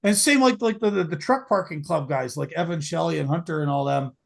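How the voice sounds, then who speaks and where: A man's voice: fairly high pitch, brisk, vocal fry. A man hosting a podcast, talking casually in long, rambling runs full of fillers and restarts. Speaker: podcast host.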